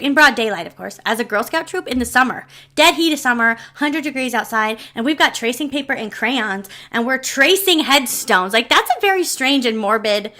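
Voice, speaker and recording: Bright chatty woman telling a story. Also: high-pitched. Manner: chatty and rambling, many asides and fillers, emotional. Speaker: storyteller and channel host. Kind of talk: casual storytelling vlog.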